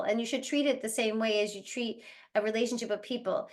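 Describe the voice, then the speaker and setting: A woman who owns a travel business, chatting casually as she coaches her team on sales and now and then acting out other people. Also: a little high. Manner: chatty, acts out other people in quick bursts. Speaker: travel agency owner leading team training. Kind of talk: casual motivational training talk.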